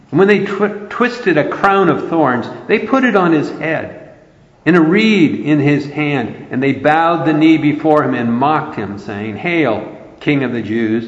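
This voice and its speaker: A man preaching a sermon, earnest and emphatic, quoting scripture throughout. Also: fairly high pitch. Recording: roomy, dull lo-fi hall recording.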